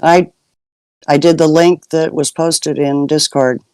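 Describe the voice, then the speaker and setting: A man with a slightly high voice answers in short, plain replies on a call. He asks whether he can be heard and says little more, recorded dry. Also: fairly even intonation, takes it slowly, a little mellow, clear, resonant tone, no room sound. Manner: short replies, checking his audio. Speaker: guest on voice call. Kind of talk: casual chat.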